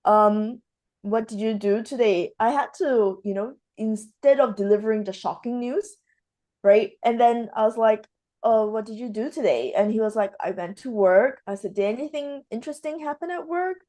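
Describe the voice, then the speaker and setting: A woman's voice: on the high side, normal speed, darkish tone. A woman hosting a casual talk show, retelling experiences and acting out the dialogue as she goes. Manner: acts out dialogue while retelling stories. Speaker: spiritual show host. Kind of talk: casual conversation, storytelling.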